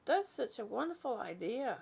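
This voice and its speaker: Woman, high voice, some vocal fry, casual live chat host, greets viewers, yawning, rambling. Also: very animated, normal speed. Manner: chatty, warm greetings, yawning, laughing, losing her train of thought. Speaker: livestream host. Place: home.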